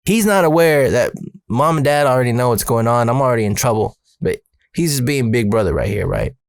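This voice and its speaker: A man's voice: mid-range voice, lively intonation, brisk, smooth, dry recording, clean studio sound. A man casually telling a personal story, slangy and profane.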